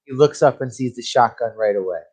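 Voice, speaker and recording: A man's voice: mid-range voice, fairly quick, slightly rough. A man co-hosting a casual movie review chat, talking bluntly and with a lot of swearing. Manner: profane, blunt, animated. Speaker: podcast co-host.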